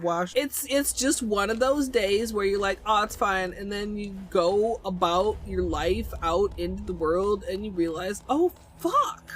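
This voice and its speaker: A woman's voice: mid-range voice, steady tone, a little slow, hardly any pauses, a little hiss or hum. A young adult woman chatting on a livestream, crude, goofy and self-mocking. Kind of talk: casual livestream chat. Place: home streaming setup.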